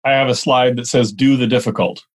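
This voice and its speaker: Energetic and fast with his lists of examples, a man at medium pitch coaches mortgage brokers in a casual podcast talk.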